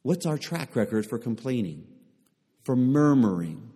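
A man's voice: mid-range voice, big pitch swings, unhurried, warm tone, slightly rough, long reverb tail. A man preaching a sermon to a congregation, pressing them with repeated rhetorical questions. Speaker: pastor.

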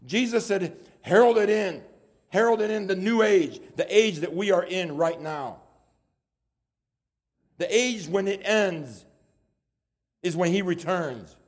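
A man's voice: high-pitched, slow, long pauses. A man preaching a sermon in an earnest way, often repeating words as he builds his points.

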